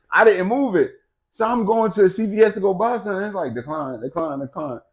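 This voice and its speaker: A podcast co-host tells a personal story in casual conversation at a quick pace. He's animated, swearing and laughing, veering between loud outbursts and low, quiet stretches.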